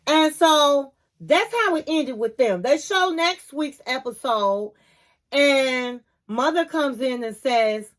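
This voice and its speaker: A high-voiced woman recaps a reality show in a casual, chatty way. She is opinionated and tells the story with lively expression, talking straight to her viewers. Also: slow pace.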